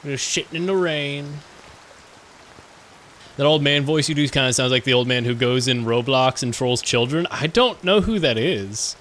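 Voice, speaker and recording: A man's voice: medium pitch, normal speed, fairly bright tone, a little hiss or hum. A man in his twenties chatting casually and joking with viewers while he plays a game live. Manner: rambling, jokey, talks to chat while playing. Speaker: streamer.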